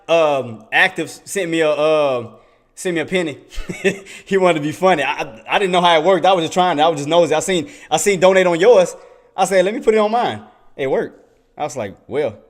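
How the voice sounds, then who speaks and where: An excitable man talking through his trades on a live stream in a slightly high voice. He is chatty, laughs often with his viewers, and mutters under his breath while he hunts around his screen. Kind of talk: casual livestream trading commentary.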